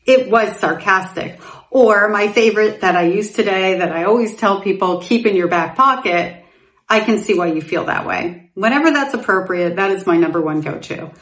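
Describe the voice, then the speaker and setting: A middle-aged woman hosting a podcast, telling her personal story candidly and growing animated, with laughs through painful memories. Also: medium pitch, normal speed. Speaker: podcast host. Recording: roomy echoing room.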